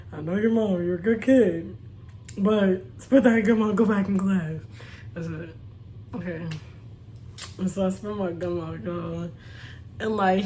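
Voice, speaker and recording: A woman's voice: mid-range voice, darkish tone, slight background noise. A young woman chatting casually to her viewers, laughing often and calling them y'all. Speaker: vlogger. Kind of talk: casual storytime chat.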